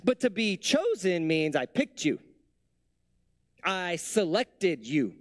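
A man preaching a sermon as a pastor, in a conversational way with many rhetorical questions, dropping soft and low for tender lines. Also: very animated, slow, dry recording, clean studio sound.

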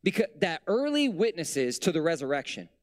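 Man preaching a casual, joking sermon. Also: normal speed. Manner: conversational, humorous asides, lively pitch swings. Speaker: pastor.

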